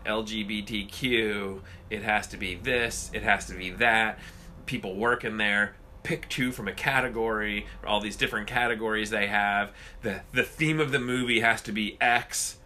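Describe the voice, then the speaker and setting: Man, casual podcast rant, bright tense voice, profane, faint noise behind. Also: lowish voice, normal speed. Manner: ranting, profane, animated. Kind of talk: casual chat.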